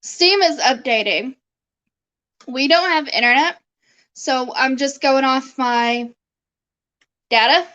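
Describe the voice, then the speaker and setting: A woman's voice: high-pitched, slow, long pauses, sharp tone, highs cut off. A young woman streaming live, chatting casually with her viewers and her dog and laughing often.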